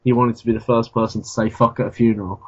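A man's voice: medium pitch, little pitch movement, fast, slightly rough. A man co-hosting a casual comedy podcast, blunt and sweary, laughing as he rants. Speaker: podcast co-host. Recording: dull lo-fi podcast audio.

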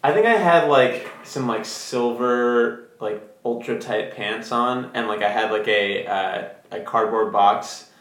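A young man from Brazil chatting casually, relaxed and rambling with fillers. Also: medium pitch, slow pace. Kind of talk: casual chat. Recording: roomy echo.

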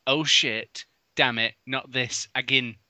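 A man reading a badly written story aloud for comedy, mocking its spelling and bursting into loud, over-the-top dramatic lines. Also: mid-range voice, fairly even intonation, slow, no echo. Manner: bursts into loud exaggerated outbursts, mocks spelling. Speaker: comedy reader of fan fiction. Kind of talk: mock dramatic reading with commentary.

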